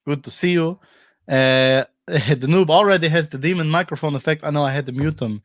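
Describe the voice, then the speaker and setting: A man's voice: on the high side, a little fast, dry recording, studio quality. Playful joking man hosting a stream. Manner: playful, joking, laughs often. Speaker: host. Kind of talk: casual live-stream comedy chat.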